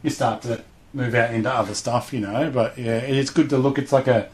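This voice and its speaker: A man's voice: mid-range voice, fairly even intonation, a little fast. A middle-aged man chatting casually in an interview, rambling enthusiastically and acting out little voices as he talks. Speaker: guest, hobby show host.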